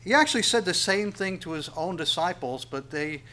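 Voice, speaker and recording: Preacher man with a slightly high voice. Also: animated. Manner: reads verses aloud slowly, then explains in a plain conversational tone; swings between loud emphatic reading and quiet, dropped asides. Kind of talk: sermon with scripture reading.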